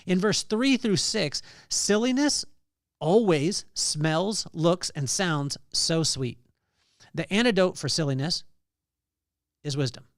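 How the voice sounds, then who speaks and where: Dry, close-mic'd man with a higher voice. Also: no echo. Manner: conversational, storytelling with frequent fillers and restarts. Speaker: podcast host. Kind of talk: devotional talk on scripture.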